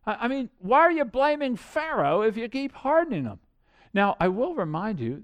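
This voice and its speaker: A man with a high voice preaches a sermon. He throws rhetorical questions at the listeners, growing loud and then dropping low. His delivery is animated and earnest. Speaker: pastor.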